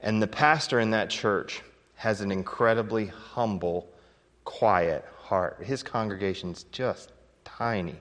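A man's voice: lowish voice, slow pace, fairly bright tone. Man preaching in a reverberant hall. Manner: folksy storytelling with chuckles and emphatic swings. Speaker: pastor. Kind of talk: sermon.

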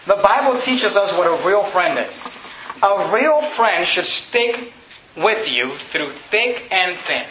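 Bright, high-pitched male preacher. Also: expressive, slow pace, reverberant, highs cut off, a little hiss or hum. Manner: preaching with rising, emphatic bursts. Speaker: pastor. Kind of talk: sermon.

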